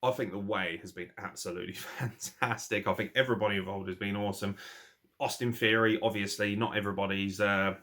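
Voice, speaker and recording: A man with an English accent and a somewhat low voice reviews a wrestling show off the cuff. He rants and swears freely, laughs often, and keeps his delivery animated. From England. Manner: ranting and profane, animated, quick to laugh. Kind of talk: casual spoken review.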